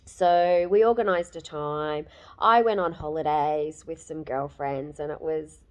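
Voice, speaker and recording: A woman in her fifties giving a candid, emotional personal testimonial, with many fillers and pauses. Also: low voice, fairly even intonation. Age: 50s. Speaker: program client giving a testimonial.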